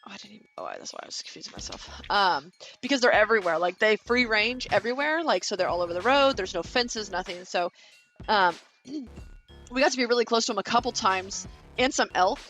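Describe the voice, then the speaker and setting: This vlogger, a woman in her thirties from Kansas, talks casually with viewers as she builds, spinning a long, meandering tale packed with fillers and offhand cursing. Her mid-range voice is animated, a bit bright, and a little fast, with soft music in the background.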